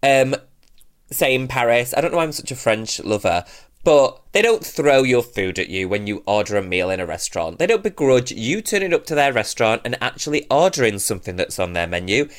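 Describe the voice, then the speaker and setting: Animated ranting man. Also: medium pitch, a little fast. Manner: animated ranting, swears freely. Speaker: podcast co-host. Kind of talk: casual comedic chat.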